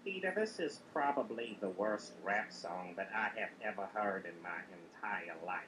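A man voicing a mellow cartoon neighbor with a slow, laid-back drawl in a rap parody. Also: fairly low pitch, expressive, noisy background, pitched below the performer's own voice, close to an everyday voice. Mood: unimpressed.

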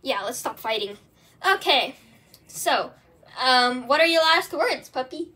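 A woman's voice: high-pitched, expressive, a little slow, noisy background. A woman casually narrating her own toy play-acting, giggly and rambling with lots of ums.

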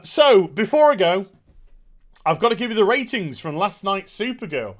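A TV review host recaps an episode in a medium-pitched voice at normal speed with lively intonation. Sarcastic and openly contemptuous, he often stumbles over fillers and restarts and mocks the characters with put-on voices.

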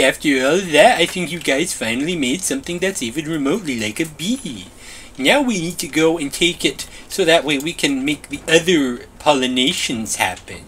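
In a comedic machinima, a performer voices a whiny, bossy little overseer who thinks it's a bee. Speaking at a middling pitch with a slightly bright tone, it slowly drawls orders at the builders in childish, broken grammar.

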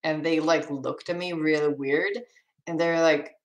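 On a live stream, a young woman from Sweden, speaking with a Swedish accent, reads chat questions out loud and casually answers, with restarts and laughs along the way. Her voice is low and creaky with fairly even intonation at normal speed. The recording is rough.

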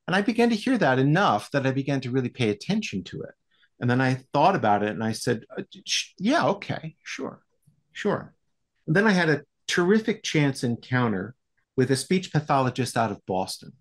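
An American man explaining voiceover coaching in a podcast interview, telling stories in a lively way. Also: mid-range voice.

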